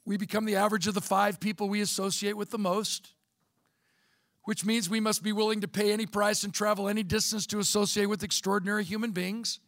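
A man's voice: high-pitched, level tone, a little fast, a bit bright, no room sound, clean studio sound. A middle-aged man telling a personal story in a folksy, conversational talk. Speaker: speaker, former bishop.

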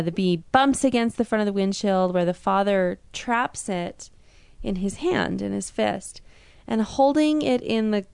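A woman's voice: medium pitch, darkish tone, clear, resonant tone, dry recording. Earnest woman hosting a devotional. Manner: earnest, conversational, with frequent restarts. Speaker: devotional podcast host. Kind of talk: devotional storytelling.

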